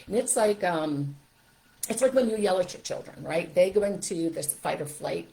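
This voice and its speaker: A middle-aged woman giving an emphatic, animated parenting talk on a live stream, speaking straight to parents. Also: on the low side, moderate pace, vocal fry, rough recording. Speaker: parenting coach.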